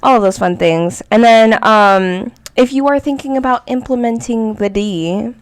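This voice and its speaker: A woman co-hosting a casual podcast, chatting in a relaxed way with lots of fillers. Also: fairly high pitch, measured pace. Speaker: podcast co-host.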